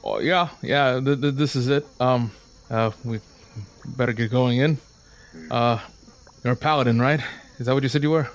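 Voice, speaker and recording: A man's voice: medium pitch, moderate pace, close to an everyday voice. Man doing a nervous boat hand, hesitant, stammering, weary.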